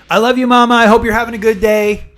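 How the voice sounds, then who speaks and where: A man streaming live, chatting with viewers and rambling through a long personal story, pausing to explain terms. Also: extremely high pitch, fairly bright tone.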